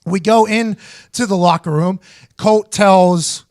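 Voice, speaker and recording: American male host, 30s, high-pitched, animated profane storyteller, dry close mic. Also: slow, no echo. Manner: animated, profane, acts out quotes in raised voice. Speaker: host, former punter. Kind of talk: casual storytelling podcast chat.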